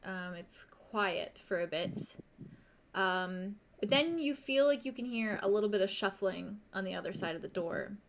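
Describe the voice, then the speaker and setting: A young woman runs a tabletop game, painting each scene in unhurried detail. Her voice sits at an ordinary middle pitch. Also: expressive, slight background noise. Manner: unhurried, vivid scene-setting. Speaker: game master.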